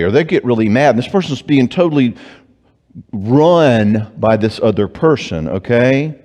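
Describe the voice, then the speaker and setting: Man lecturing in a reverberant church hall. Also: medium pitch. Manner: animated, joking, acts out clients and spouses in quick voices. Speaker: Christian psychologist speaking at a marriage conference. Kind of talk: conference talk.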